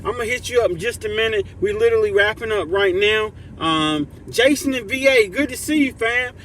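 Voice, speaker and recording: A man's voice: a little fast, slight background noise. A man hosting a motivational livestream, talking casually and emphatically to his community and reading chat messages aloud. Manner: drops to soft low voice for heartfelt thanks.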